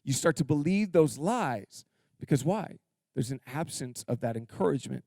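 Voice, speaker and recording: A male pastor preaching a sermon in a church, energetic and humorous, drawing call-and-response from his congregation. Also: medium pitch, normal speed, vocal fry, no echo, clean studio sound. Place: church sanctuary.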